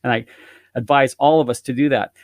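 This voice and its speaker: A man's voice: mid-range voice, fairly even intonation, brisk, dry recording. A man who is a guest on a podcast, telling a story in a theatrical way and playing up the drama. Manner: theatrical, exaggerating for effect. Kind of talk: animated storytelling.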